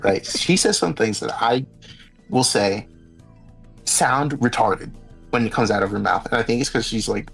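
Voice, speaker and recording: A man speaking as a podcast guest, earnest and halting, with lots of fillers. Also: medium pitch, gravelly, breathy edge, soft background music, low-quality recording. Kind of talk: casual podcast chat.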